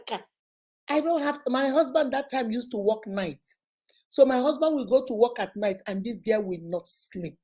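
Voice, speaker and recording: Nigerian woman in her forties, host, dramatic storyteller, mellow warm voice, rather high pitch. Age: 40s. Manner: animated, laughing, dramatic retelling. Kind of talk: storytelling to viewers.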